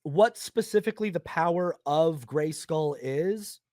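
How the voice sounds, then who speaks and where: A man hosting a casual film podcast, animated and often acting out characters in silly quoted voices. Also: fairly high pitch, a little slow, no room sound, clean studio sound. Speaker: podcast host.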